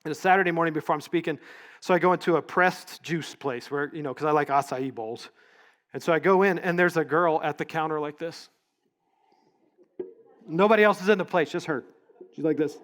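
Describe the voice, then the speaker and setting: A middle-aged man gives a storytelling keynote at a leadership event, his voice sitting a little high for a man. He talks in a loose, conversational way and now and then stops to correct a word before carrying on. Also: fairly quick, fairly bright tone. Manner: conversational, story-driven, with small self-corrections. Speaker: leadership conference speaker. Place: event stage.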